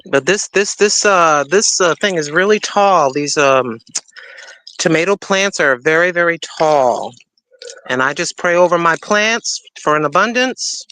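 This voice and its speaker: A woman's voice: lowish voice, expressive, a little slow, a bit bright, rough recording. A woman chatting casually on a livestream while she waters her garden, rambling and cooing to her cat. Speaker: livestream co-host.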